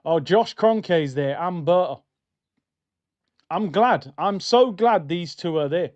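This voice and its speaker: A man's voice: high voice, animated, slow, darkish tone, dull audio. A young man hosting a live football watchalong, talking in slangy, exasperated banter about the match.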